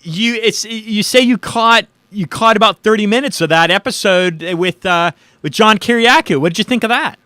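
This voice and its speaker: A man hosting a casual interview, asking halting questions with stammered restarts. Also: high-pitched, sharp tone, no echo. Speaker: podcast host.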